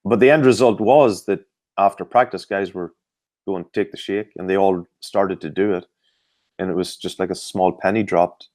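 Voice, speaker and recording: A middle-aged Irish man, a performance coach, answering interview questions in a measured, explanatory way with frequent fillers. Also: sits low, fairly even intonation, a little mellow, no echo.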